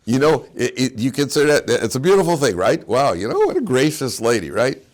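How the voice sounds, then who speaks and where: A man of medium pitch, talking a little fast, lectures as a rabbi on the weekly Torah portion. He's an animated, chuckling storyteller who shares homely, humorous tales and blends Hebrew terms into his English.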